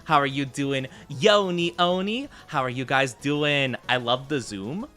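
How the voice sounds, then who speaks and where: A man's voice: mid-range voice, measured pace, pushed and bright, soft background music. A man streaming as a VTuber, chatting playfully with his viewers and laughing easily. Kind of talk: casual live-stream chat with viewers.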